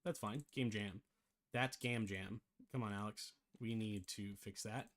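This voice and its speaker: A man's voice: fairly low pitch, steady tone, a little slow. A man giving a casual screen-share tutorial on game development, rambling, correcting himself and thinking aloud, with the hiccups.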